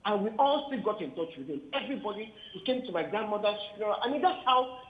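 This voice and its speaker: A woman's voice: medium pitch, fast, slight background noise. An older woman calling in by phone, speaking emotionally in a casual chat. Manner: emotional, lively tribute. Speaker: phone-in guest. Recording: roomy, dull phone line with faint ambience.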